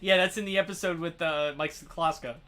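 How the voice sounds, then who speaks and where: A man's voice: a little high, steady tone, fairly quick, pushed and bright. A man chatting casually as a stream co-host, agreeable, swearing and laughing often.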